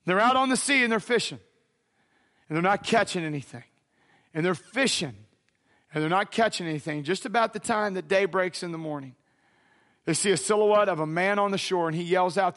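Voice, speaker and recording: A man's voice: sits high, fairly quick, fairly bright tone. A man preaching a sermon, dramatic and casual, acting out the voices in a Bible story. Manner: casual slangy phrasing.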